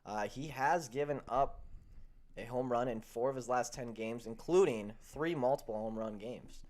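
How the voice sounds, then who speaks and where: A man's voice: medium pitch, a little mellow. A man hosting a sports betting show, chatting casually and joking, then running through stat lines. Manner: upbeat, jokey, reads stat lines quickly.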